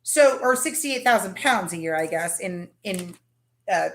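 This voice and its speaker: A woman's voice: lowish voice, lively intonation, a little slow, fairly bright tone, reverberant. A woman hosting a casual livestream, chatting and greeting viewers by name. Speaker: livestream host.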